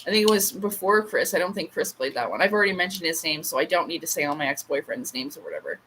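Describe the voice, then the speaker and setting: A woman's voice: low-pitched, quick pace, fairly bright tone, a little hiss or hum, poor audio. Chatty woman hosting a livestream. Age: late 30s. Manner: chatty, rambling storyteller with frequent asides. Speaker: livestream host. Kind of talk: casual livestream chat.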